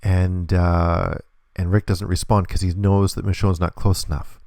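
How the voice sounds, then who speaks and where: A man with a low, gravelly voice walks through a hands-on demonstration lesson. He explains patiently and step by step, and the recording sounds close and dry. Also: level tone, measured pace, darkish tone, no room sound. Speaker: instructor.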